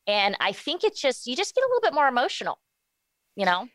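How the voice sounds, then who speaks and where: A woman's voice: high-pitched, wildly swooping pitch, a bit bright, no room sound. A woman in her forties talking candidly as an interview guest, often restarting her sentences. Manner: candid, halting with many restarts. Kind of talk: casual interview talk.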